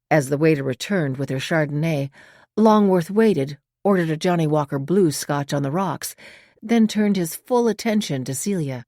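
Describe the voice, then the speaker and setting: A woman reads a suspense audiobook in a calm, measured way, her voice sitting low. The recording is dry and close, as from a booth with no room sound. Her storytelling is steady and unhurried. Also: dry recording. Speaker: audiobook narrator. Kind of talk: scripted audiobook narration.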